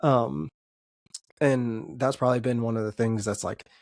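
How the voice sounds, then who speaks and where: A man in the middle of the pitch range, speaking as a podcast guest. He talks in loose, rambling sentences full of fillers, open and self-reflective. The sound is dry and close, with no room around him. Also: fairly even intonation, a little slow, dry recording. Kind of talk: casual podcast chat.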